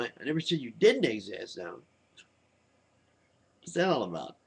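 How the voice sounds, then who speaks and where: A man's voice: medium pitch, breathy edge. A man ranting heatedly into his webcam, combative and cursing, firing rhetorical questions at his viewers. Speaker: vlogger. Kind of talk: angry webcam rant.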